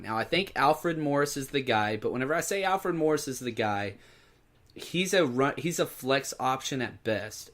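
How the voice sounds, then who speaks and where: A man co-hosting a casual fantasy football podcast, sounding deflated and glum, his tone flat and empty. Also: medium pitch. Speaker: podcast co-host.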